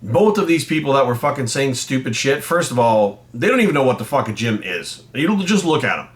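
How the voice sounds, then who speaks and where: A man's voice: medium pitch, very animated, brisk. A man, a bodybuilding coach and vlogger, ranting bluntly to camera with lots of swearing and rising anger. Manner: angry, blunt, heavy swearing. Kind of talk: heated profane rant to camera.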